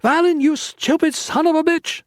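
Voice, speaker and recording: A man voicing a blunt young woman soldier who shouts commands and curses in an audiobook. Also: fairly high pitch, slow, slightly rough, no echo, clean studio sound. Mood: shouting urgent. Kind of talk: audiobook character voice.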